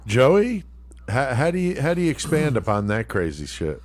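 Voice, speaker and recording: A man hosting a podcast in relaxed, easygoing casual chat. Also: mid-range voice, moderate pace. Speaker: podcast host.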